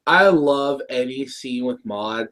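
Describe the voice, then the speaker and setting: Co-hosting a casual review show, a man recaps an episode in a rambling way, restarting often and laughing as he talks. His mid-range voice is expressive and a bit bright, and he speaks slowly.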